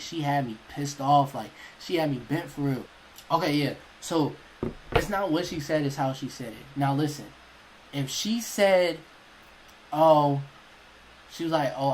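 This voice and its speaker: A young man streaming, telling a story casually in an animated, slangy way and acting out what people said. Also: mid-range voice, a little hiss or hum, poor audio. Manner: animated, profane, slangy, acts out quotes.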